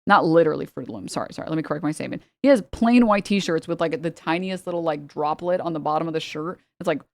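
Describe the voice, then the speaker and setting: A woman's voice: deep voice, quick pace, a little mellow, no echo. A young woman streaming, talking casually and rambling with exasperated, sarcastic asides to her chat.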